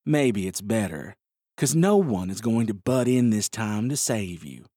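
A man voicing a smug, menacing male outlaw who talks in a low, slow drawl. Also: very animated, mellow, dry recording, clean studio sound.

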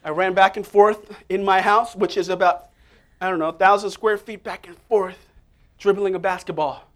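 A man preaching an energetic sermon, prompting listeners to repeat phrases to each other. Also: sits high, normal speed. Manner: energetic, call-and-response prompts to the congregation.

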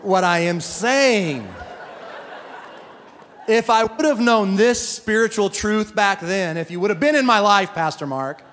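A man's voice: high voice, expressive, unhurried, a bit bright. Joking preacher man in a reverberant church. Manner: joking, storytelling, acts out quotes. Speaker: pastor. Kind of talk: sermon. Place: church hall. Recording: hall reverb.

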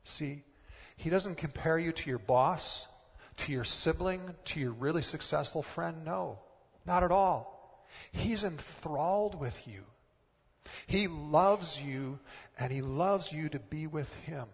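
A man preaches with earnest, coaxing warmth, his voice rising into emphatic swells as he presses a point. His voice sits a little high for a man. A long hall reverb trails behind every phrase. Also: slow, breathy edge. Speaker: pastor. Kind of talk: sermon.

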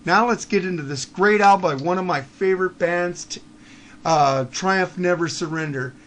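A man hosting a podcast, delivering a blunt, profane rant that swings from low muttering to shouting. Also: moderate pace. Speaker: podcast host. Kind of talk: ranting monologue.

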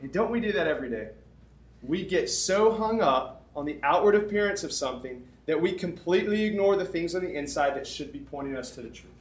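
Young man, sermon storytelling, voices the dialogue, fairly high voice, echoey room. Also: brisk. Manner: animated storyteller, acts out dialogue.

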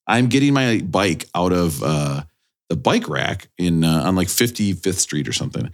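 A man with a low voice swings his pitch widely as he tells a story on a casual podcast. He sounds animated and pokes fun at himself. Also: moderate pace. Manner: animated, self-mocking storyteller. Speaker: podcast host.

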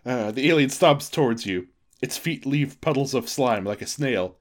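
Wry male reader, mid-pitched, plain voice, comic gamebook read-aloud. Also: expressive, normal speed. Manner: wry, amused. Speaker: co-host, reader. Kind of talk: reading a gamebook aloud with chat.

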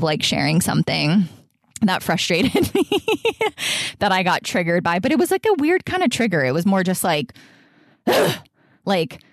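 A woman's voice: on the low side, dry recording, studio quality. Chatty woman telling a personal story. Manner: chatty, says "like" often, quotes others in animated asides. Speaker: podcast host.

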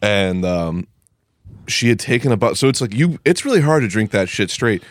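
Young male podcast guest, somewhat low voice, crude and joking, laughs often. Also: expressive, normal speed, no echo, studio quality. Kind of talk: casual podcast chat.

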